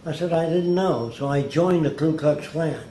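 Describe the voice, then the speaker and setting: A man's voice: a little high, moderate pace, dark tone. Older man telling long anecdotes. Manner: rambling anecdotal storyteller, acts out quoted people. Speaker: interview guest. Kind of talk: storytelling in an interview. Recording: roomy, faint background hiss.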